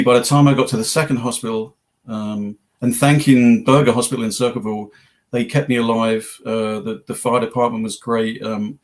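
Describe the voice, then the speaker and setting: A man with an English accent, speaking as a guest in a casual interview. He tells his story in a relaxed, joking way and pokes fun at himself, heard over a video call. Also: mid-range voice. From England. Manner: joking, self-deprecating.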